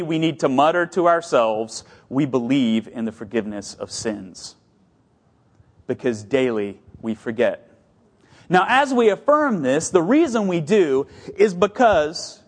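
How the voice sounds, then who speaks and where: Man preaching a storytelling sermon. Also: a little high. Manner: storytelling, shifts between brisk and slow emphatic delivery. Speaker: pastor.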